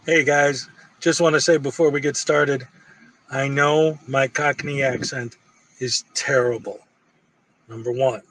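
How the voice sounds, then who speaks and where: A man's voice: medium pitch, fairly even intonation, a little slow, pauses often, a bit bright, no room sound, recorded from a distance, poor audio. Casual self-deprecating man talking to viewers. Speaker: video creator.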